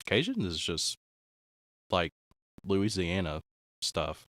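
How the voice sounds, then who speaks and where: A man chatting casually on a stream, low-key and often trailing off into quiet asides. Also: sing-song, slow, no echo, clean studio sound. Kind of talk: casual chat.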